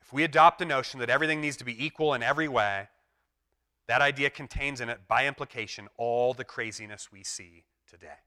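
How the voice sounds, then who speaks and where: A man's voice: medium pitch, fairly quick, bright, forceful tone. A man preaching a sermon in an earnest, emphatic way. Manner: earnest, emphatic preaching that acts out quoted voices. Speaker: pastor.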